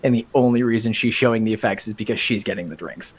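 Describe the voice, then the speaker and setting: A man's voice: lowish voice, fast talker, slight background noise. A man narrating as game master in a casual tabletop game, talking loosely with restarts and laughs. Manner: chatty, laughing, many restarts.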